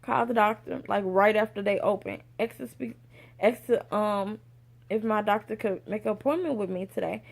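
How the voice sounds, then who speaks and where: A young woman vlogger telling a personal story in a casual, animated way, acting out the voices of others. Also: mid-range voice, normal speed, gravelly. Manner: animated, acts out quoted voices.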